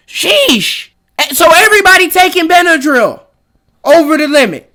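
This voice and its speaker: A man in his twenties reacting to a video with loud, mocking, joking slang commentary. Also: very high-pitched, very animated, moderate pace. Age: 20s.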